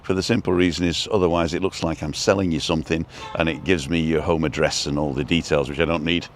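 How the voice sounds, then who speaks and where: A man's voice: a bass voice, steady tone, fast talker, slight background noise. A man hosting a casual outdoor live stream, rambling and reading out viewer comments as he goes.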